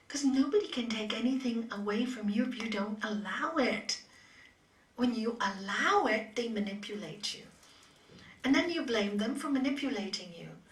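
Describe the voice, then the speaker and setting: A woman's voice: fairly high pitch, fairly bright tone. A woman yoga teacher giving a spiritual talk to a class, telling stories, laughing often and dropping to whispers. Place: yoga studio. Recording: roomy studio from far off.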